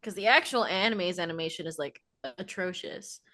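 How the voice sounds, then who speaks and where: A woman co-hosting a podcast in casual chat, animated and laughing often. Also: on the low side, normal speed. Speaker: podcast co-host.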